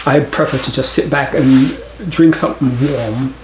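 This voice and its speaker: A man's voice: mid-range voice, normal speed, noisy background, lightly acted. A man putting on a laid-back British voice of a young London man, in an echoey room.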